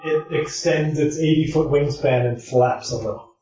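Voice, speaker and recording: Game master guy narrating slow and measured, echoey room, muffled mic. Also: a little high, mellow, soft background music. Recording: roomy, distant, lo-fi mic.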